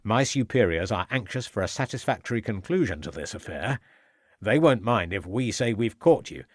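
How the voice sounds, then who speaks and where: A man doing a shrewd, stern inspector grilling a suspect in an audiobook. He presses firmly and threatens with steady authority, his pitch rising and falling with emphasis. The recording is dry and close. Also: moderate pace, no echo. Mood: stern, pressing. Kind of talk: audiobook character voice.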